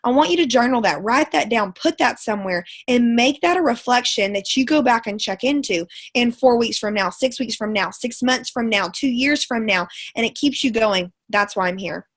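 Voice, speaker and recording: A woman with a somewhat high voice gives a live motivational pep talk over an online call. She talks in a chatty, folksy way, calls her listeners girlfriend and y'all, and stacks repeated words for emphasis. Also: animated, normal speed, hardly any pauses. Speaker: wellness product sales ambassador and schoolteacher.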